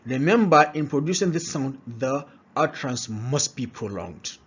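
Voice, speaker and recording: A husky-voiced man leads a slow pronunciation lesson, saying each example word again and again. His pitch rises and falls a lot as he drills, and the recording sounds dull and lo-fi. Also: expressive, fairly bright tone. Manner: repeats words slowly, checks in with "all right?". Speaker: pronunciation teacher.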